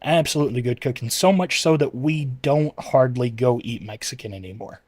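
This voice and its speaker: A man's voice: medium pitch, moderate pace, a little mellow, breathy edge, dry recording. A man chatting casually with his livestream viewers, rambling and correcting himself as he answers chat messages.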